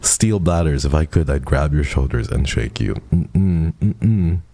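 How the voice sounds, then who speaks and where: A young man in his twenties chats casually with his stream audience. His voice sits very low, and the recording is dry with no room sound. He teases his viewers in playful mock outrage. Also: moderate pace, creaky, darkish tone, no room sound. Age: 20s.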